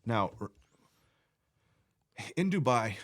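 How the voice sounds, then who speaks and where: A man's voice: mid-range voice, big pitch swings, takes it slowly, fairly bright tone. A man, a podcast guest, telling rambling stories in casual chat and often restarting his sentences. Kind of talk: casual storytelling.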